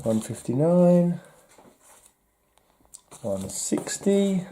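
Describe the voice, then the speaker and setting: A man's voice: mid-range voice, animated, a little slow, dark tone, a little hiss or hum. An English man in casual vlog talk, wryly chuckling and mocking himself as he sorts through his comics. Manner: wry, chuckling, self-mocking. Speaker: comic collector vlogger.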